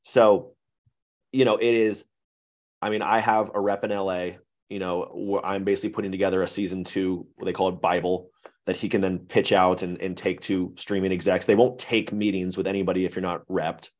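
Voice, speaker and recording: A man with a very deep voice is a podcast guest, chatting casually. He talks candidly and at length, often restarting his sentences as he thinks. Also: little pitch movement, a little fast, darkish tone. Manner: rambling, candid, self-correcting. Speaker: guest, web series creator.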